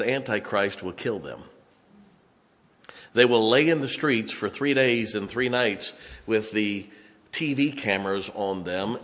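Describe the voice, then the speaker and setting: This middle-aged West Virginia pastor has a mid-range, somewhat bright voice and the local accent. His sermon is folksy and conversational, dotted with asides and chuckles.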